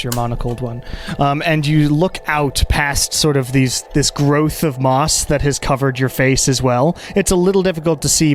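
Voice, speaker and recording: A man running a tabletop game as game master, describing scenes in a rambling way full of fillers and restarts. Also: a little high.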